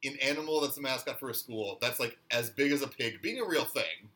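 A woman's voice: rumbling low, a little fast, fairly bright tone. A woman co-hosting a podcast, recapping a TV episode in casual chat with wry asides and frequent laughter. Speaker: podcast co-host.

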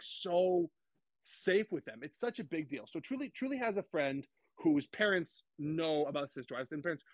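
A man's voice: on the high side, no echo, poor audio. A young man as an interview guest, talking eagerly and gushingly, repeating himself with lots of restarts. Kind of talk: casual interview chat.

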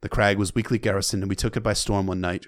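A man voicing a young male king who speaks in a solemn, quiet, halting way, in a deadpan book recap. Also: lowish voice, no room sound, clean studio sound, voice pushed down, lightly acted. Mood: earnest.

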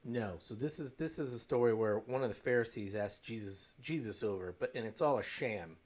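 A man with a plain, mid-pitched voice talks easily in a casual discussion. He drops dry, wry remarks and reads a passage aloud. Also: fairly quick. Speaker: podcast co-host.

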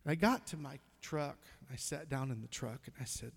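A middle-aged male pastor telling a story in a sermon, emotional and halting, with sighs and passages that drop almost to a whisper. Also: mid-range voice, gravelly, slightly rough. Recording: long hall reverb.

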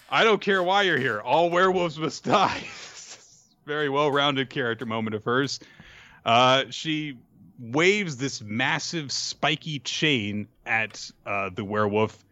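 A man's voice: medium pitch, sharp tone, no echo. A man hosting a podcast, recapping an episode in a rambling, wry way with many fillers. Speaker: podcast host. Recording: dry, slightly dull recording.

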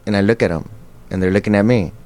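Man telling animated showbiz stories. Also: on the low side, fast talker. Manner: animated, acts out quotes with laughs. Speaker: actor guest. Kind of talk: casual interview storytelling.

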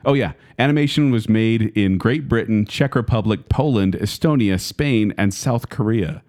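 A man's voice: on the low side, moderate pace, a little mellow. A man co-hosting a podcast, chatting casually and acting out his own reactions. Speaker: podcast co-host. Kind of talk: casual chat.

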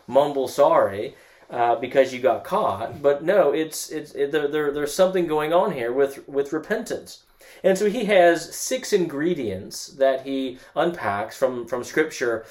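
A man's voice: medium pitch, a little mellow. Earnest man teaching, often restarting. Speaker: guest teacher. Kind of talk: casual church teaching.

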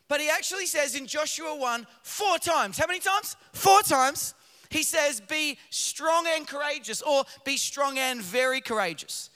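A middle-aged man preaching a sermon as pastor, swinging between loud emphatic calls and quiet low passages. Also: animated, moderate pace. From Australia. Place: large church auditorium. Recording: long hall reverb from a church.

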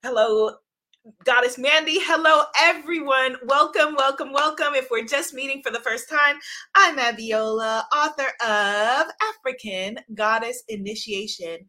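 An effusive woman hosts a live stream and greets her viewers one by one by name. Her voice sits a little high and rings bright and forceful. She laughs easily and keeps the energy up. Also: a little slow. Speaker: host of a live stream, oracle deck author. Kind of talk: enthusiastic live-stream chat.

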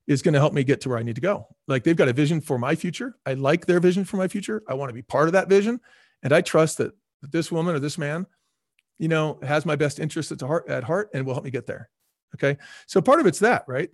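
The podcast guest is a middle-aged man and former restaurant chain CEO with a fairly high voice. Energetic and animated, he tells stories and acts out the voices he quotes; the recording is dry with clean studio sound.

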